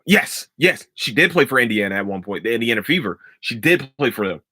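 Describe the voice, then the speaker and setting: A man hosting a casual sports podcast, giving emphatic, profane opinions in an animated way. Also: medium pitch, fairly quick, slightly rough, dry recording. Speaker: podcast host.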